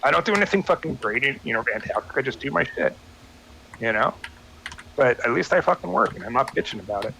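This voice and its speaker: A man's voice: medium pitch, lively intonation, quick pace, vocal fry, bright, forceful tone, slight background noise, low-quality recording. A man ranting in casual chat, swearing often and restarting his sentences. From United States. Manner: profane, rambling rant with many restarts. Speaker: guest chatting on a stream.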